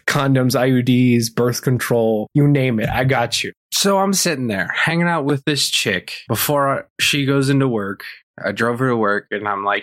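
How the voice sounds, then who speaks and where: A man's voice: mid-range voice, normal speed, a bit bright, no echo, clean studio sound. A man hosting a podcast, telling a story in a blunt, profane, casual way. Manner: blunt and profane, swears freely. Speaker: podcast host.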